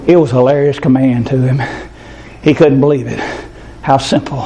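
A man's voice: mid-range voice, steady tone, normal speed, warm tone, a little hiss or hum, rough recording. A man preaching a sermon, telling a story in a folksy way and acting out the dialogue before leading a prayer. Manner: folksy storytelling, acts out dialogue in shifting voices. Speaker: pastor.

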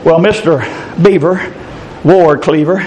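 A man's voice: on the high side, slow, darkish tone, a little hiss or hum. A middle-aged man, preaching a folksy, fervent sermon and calling out to listeners by name.

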